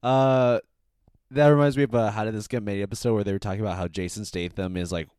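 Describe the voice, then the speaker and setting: A man's voice: fairly low pitch, fairly even intonation, fast, darkish tone, smooth, no room sound, studio quality. A man co-hosting a podcast, rambling through stories and laughing often. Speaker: podcast co-host. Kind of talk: casual chat.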